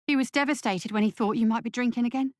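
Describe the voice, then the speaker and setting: A woman voicing a sharp-tongued motherly woman who speaks pointedly and skeptically. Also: fairly high pitch, quick pace, dry recording, clean studio sound, lightly acted.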